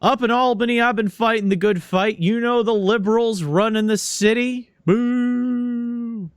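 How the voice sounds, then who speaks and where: A man voicing a bigoted male politician giving a loud, pompous rally speech. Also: very high voice, steady tone, a little slow, clear, resonant tone, dry recording, clean studio sound, voice pushed up. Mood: rousing. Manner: loud, pompous, crowd-rousing.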